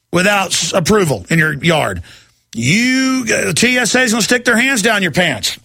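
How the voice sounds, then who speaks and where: Male talk radio host, high, piercing voice, dry sound, heated and emphatic ranting. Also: big pitch swings, moderate pace, gravelly, sharp tone, no echo.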